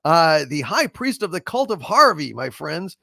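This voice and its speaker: A man's voice: on the high side, sing-song, unhurried, creaky, pushed and bright, no echo, clean studio sound. A man hosting a casual livestream, rambling with many fillers as he hails viewers and reads their messages. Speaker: livestream host.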